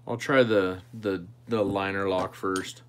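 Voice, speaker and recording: A man's voice: sits low, fairly even intonation, slow pace. A man hosting a knife channel livestream, chatting casually with viewers and thinking aloud while he tinkers with a knife.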